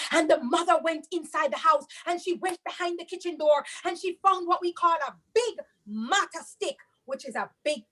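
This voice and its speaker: A woman with a Caribbean accent telling a children's story, animated and sing-song, stopping to explain local words. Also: on the high side, poor audio.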